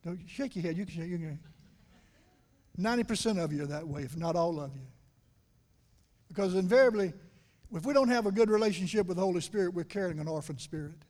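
A middle-aged man preaching a sermon to a congregation in church. He keeps asking them questions and swings from quiet, confiding talk to loud emphasis. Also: high-pitched. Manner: conversational, asks the congregation questions. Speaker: pastor. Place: church sanctuary.

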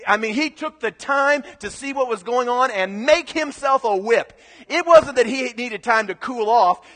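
High-voiced pastor preaching in an echoey hall. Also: male voice. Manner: animated, swings from quiet asides to loud emphatic bursts. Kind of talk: sermon.

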